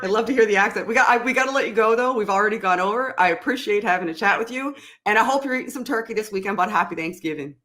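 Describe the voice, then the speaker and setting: A woman co-hosting a call-in show, with an Atlantic Canadian accent, talking in an animated way and laughing easily. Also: medium pitch, very fast, few pauses. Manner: animated, laughs easily, calls people bud. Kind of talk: casual call-in chat.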